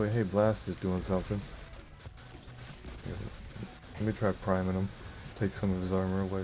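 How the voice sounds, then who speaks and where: A man's voice: on the low side, mellow, slight background noise, rough recording. A man chatting casually while streaming a game live, rambling loosely, with many fillers and frequent chuckles. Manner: rambling and loose, with lots of "like" and "bro"; chuckles often while talking. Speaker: gaming streamer.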